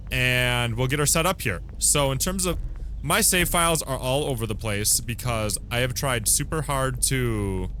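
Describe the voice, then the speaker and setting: A man's voice: mid-range voice, fairly bright tone, a little hiss or hum. A man hosting a game livestream, talking casually to his chat, frustrated and swearing at broken equipment. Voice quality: distorted robotic mic audio. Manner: frustrated, swearing, fast-shifting energy. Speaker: streamer. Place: home room. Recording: distant, glitchy robotic-sounding mic.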